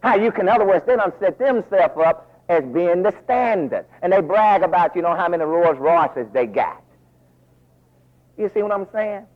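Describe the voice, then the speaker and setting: A man preaching a folksy, animated sermon full of asides, recorded as a dull lo-fi radio broadcast. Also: sits high, normal speed.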